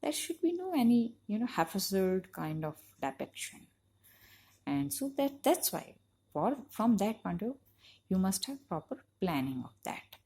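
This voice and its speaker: A woman's voice: medium pitch, sing-song, unhurried, dark tone, husky. A woman teacher, giving a conversational lecture to university students and leaning on "you know" as she explains. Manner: explanatory, emphatic on key points.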